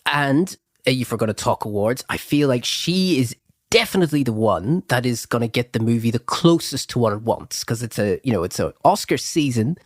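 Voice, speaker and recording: A man co-hosting a film review show, chatting casually in a rambling, animated way that acts out quotes. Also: medium pitch, brisk, no room sound, clean studio sound. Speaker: film review podcast co-host. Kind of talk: casual chat.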